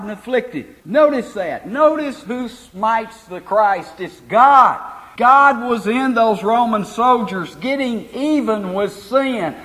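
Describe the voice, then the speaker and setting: Male preacher, high voice, fervent radio sermon delivery with loud emphatic surges. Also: rough recording. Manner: quotes scripture in slow solemn cadence.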